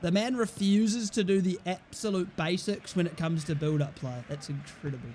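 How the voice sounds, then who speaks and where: A man's voice: high-pitched, moderate pace, darkish tone, a little hiss or hum. A young man giving casual, blunt, mocking commentary while playing a football game, swearing freely. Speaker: gaming streamer.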